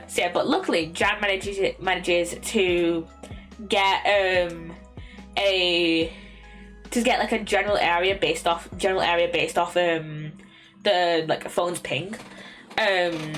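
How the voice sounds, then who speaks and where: A woman's voice: on the low side, steady tone, a little slow, a bit bright, faint music behind. A young woman with an English accent chatting casually as a streamer, rambling with lots of ums and restarts. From England. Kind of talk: casual chat.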